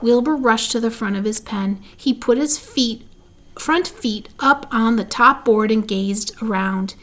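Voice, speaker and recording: A woman's voice: a little high, measured pace, a bit bright. Woman reading a storybook aloud. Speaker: reader.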